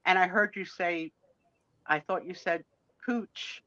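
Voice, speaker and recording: A woman's voice: on the low side, unhurried, no echo. A woman hosting a casual live-stream chat, telling stories with animation. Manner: animated storyteller. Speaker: host. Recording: dull, dry sound.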